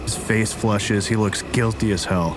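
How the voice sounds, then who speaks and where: A man guesting on a comedy podcast, narrating an improvised story in an animated, excitable way. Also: fairly low pitch, unhurried. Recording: clear background noise.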